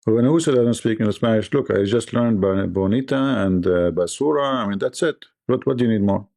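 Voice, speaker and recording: A man's voice: fairly low pitch, fairly quick, gravelly, mellow. Joking male livestream host. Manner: joking storyteller, mimics voices, laughs often. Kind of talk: livestream debate chat.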